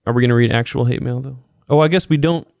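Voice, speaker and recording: A man's voice: medium pitch, gravelly, a little mellow, no echo. A man hosting a podcast, chatting casually and joking with his guest. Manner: joking, quick to laugh. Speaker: podcast host.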